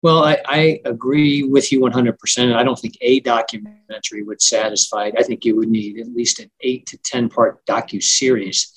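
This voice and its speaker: Rich: A man with a voice of ordinary pitch speaks as a guest attorney being interviewed. He answers in a measured, confident manner, stating his views plainly. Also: steady tone, husky, poor audio.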